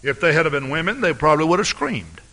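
Preacher guy telling stories in a sermon, bright sharp voice. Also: fairly high pitch, very animated, fast talker. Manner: dramatic storytelling, big swings in loudness. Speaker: pastor.

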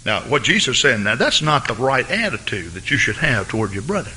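A man preaching a sermon in a bright, forceful voice. His pitch leaps and swoops as he builds to fervent peaks, then drops back to plain talk. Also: big pitch swings, brisk, a little hiss or hum. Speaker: pastor.

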